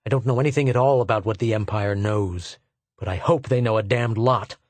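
A man's voice: lowish voice, brisk, no echo, natural voice. A man reading a stubborn male archaeologist who speaks curtly and defiantly. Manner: curt, defiant.

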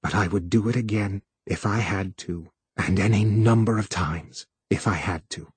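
A man voicing an earnest male technician who talks in an insistent, pleading way, often lower and quieter. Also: normal speed, slightly rough, no echo, lightly acted. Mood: ashamed.

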